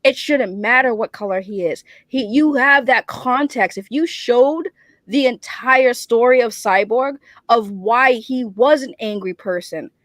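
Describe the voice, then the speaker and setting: Brief: outspoken woman with a Boston accent, heated opinions, highish voice, dry close mic. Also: a bit bright, dry recording. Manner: fiery, opinionated, fast-talking. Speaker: guest on a livestream talk show. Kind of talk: casual chat.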